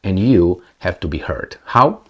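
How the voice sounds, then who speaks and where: A man's voice: low-pitched, big pitch swings, measured pace, husky. A man giving casual, sarcastic commentary on news clips, with many fillers and restarts.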